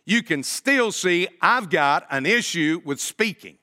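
A man's voice: high voice, animated, a little slow, bright, forceful tone. A man preaching a sermon as pastor, talking to the congregation in a conversational way and asking rhetorical questions. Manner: addresses congregation directly.

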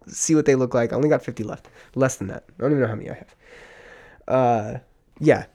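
A man's voice: medium pitch, fast talker, dark tone. Guy ranting on his podcast, cusses constantly, gets all worked up and rambles. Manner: profane, rambling, fired-up. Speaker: podcast host. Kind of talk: casual solo podcast rant.

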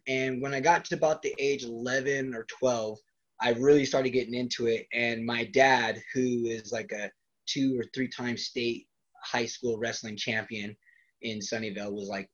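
A man as a wrestler guest in an interview, telling rambling stories in a casual way and laughing often between them. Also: mid-range voice. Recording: dull lo-fi recording.

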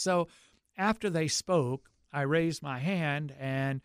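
A man's voice: a little high, takes it slowly, clean tone, no room sound, clean studio sound. An older man from the American South with a Southern accent, telling his life story in an oral history interview, reflective and given to restarts.

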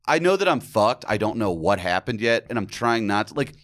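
A young man from Atlanta telling a drunken high school story on a podcast, acting out the people in it in a loose, profane way. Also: brisk. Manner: animated, profane, acts out voices in anecdotes. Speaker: podcast guest. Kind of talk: casual storytelling chat.

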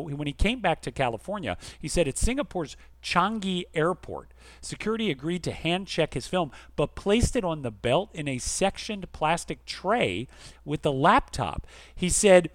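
A man co-hosting a podcast, reading listener emails aloud expressively and going quiet and soft for the serious ones. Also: dry recording. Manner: expressive reader, dropping soft and low for serious letters. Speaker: podcast co-host.

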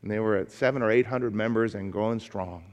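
A man's voice: on the low side, fairly quick, a little mellow. A male pastor delivering a sermon, emphatic and folksy as he tells a story. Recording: long reverb of a large hall.

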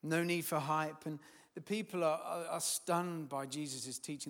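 A man preaching a sermon, building to loud, emphatic peaks and then dropping to quiet, firm words. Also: on the high side, level tone, moderate pace, long reverb tail.

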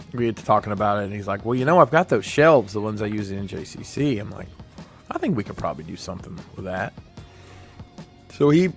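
Male podcast host, loose rambling storyteller, middle pitch, faint music bed. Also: fairly bright tone. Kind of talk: casual chat.

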